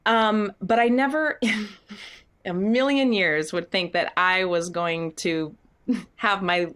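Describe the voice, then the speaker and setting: A woman in her thirties, a stage actress, telling stories in an interview in a candid, animated way, acting out quotes and laughing often. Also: medium pitch, slow. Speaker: guest, Broadway actress.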